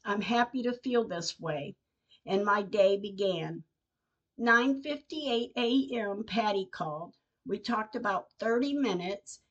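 Slow, heartfelt older woman reading her diary. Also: medium pitch. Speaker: podcast host. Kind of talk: reading personal diary entries aloud. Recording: dull lo-fi recording.

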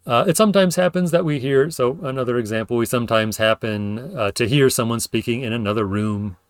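A man's voice: medium pitch, brisk, clear, resonant tone, dry recording. A man hosting a spoken lecture, thinking aloud with fillers and self-corrections as he explains ideas. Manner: acts out example sentences with playful intonation. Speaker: podcast host explaining linguistics.

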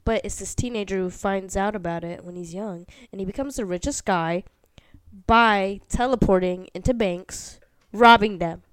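A woman co-hosting a podcast, chatting casually with friends and gasping when excited. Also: mid-range voice, moderate pace, smooth. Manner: excitable, gasps. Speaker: podcast co-host. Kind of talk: casual chat among friends.

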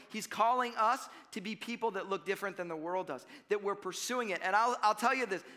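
A young man preaching from the front of a church, his voice high and bright. He talks casually to the congregation, then punches key lines loudly before dropping to near-quiet asides. The sound carries a long hall reverb. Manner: animated, conversational preaching with shifts between loud emphasis and quiet asides. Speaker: pastor. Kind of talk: sermon.

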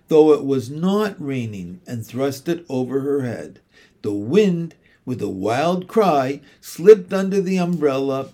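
Expressive male storybook narrator. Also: a little high. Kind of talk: audiobook reading of a children's classic.

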